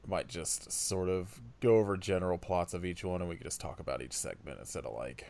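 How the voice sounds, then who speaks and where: Deep-voiced man riffing dryly. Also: fairly quick, gravelly, a little mellow. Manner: loose, rambling, dry sarcasm. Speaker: podcast co-host. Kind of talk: casual film-review chat.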